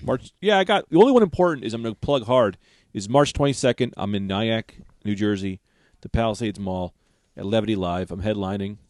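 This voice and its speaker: A man's voice: fairly low pitch, animated, fairly quick, a little mellow, no room sound. A man co-hosting a podcast, a stand-up comedian talking in loose, rambling, jokey banter. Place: small podcast studio. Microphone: studio podcast mic.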